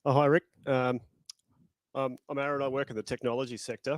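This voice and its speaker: A man's voice: medium pitch, little pitch movement, no echo. A man asking a question from the audience, hesitant and full of ums. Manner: hesitant, many ums, quick asides. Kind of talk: question from the floor.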